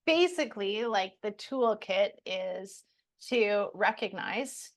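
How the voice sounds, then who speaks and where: A woman's voice: mid-range voice, animated, slow. A woman podcast co-host in casual chat, summing up emphatically with short punchy remarks.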